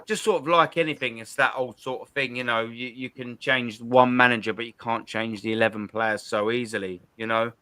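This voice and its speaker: A man's voice: medium pitch, fairly even intonation, a little fast, few pauses, pushed and bright, dry recording. A young man hosting a football call-in show, chatting casually in slang with lots of restarts. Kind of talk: casual chat.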